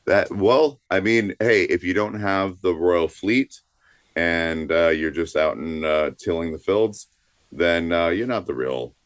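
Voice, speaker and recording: Deep-voiced halting podcast man. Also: no room sound. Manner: halting, full of uh fillers, dry quips. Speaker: podcast co-host. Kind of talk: casual storytelling with research notes.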